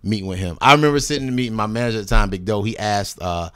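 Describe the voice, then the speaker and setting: A fairly low-pitched man talks very fast and expressively, his tone fairly bright and clean, in clean, echo-free studio sound. The podcast guest is a recording artist telling a long story casually, swearing freely, performing the people he quotes, and adding "you know what I mean" asides.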